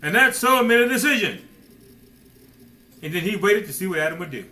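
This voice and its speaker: A man's voice: sits high, lively intonation, fairly quick, pushed and bright, poor audio. A man preaching a sermon emphatically, firing rhetorical questions and addressing listeners directly as man and son.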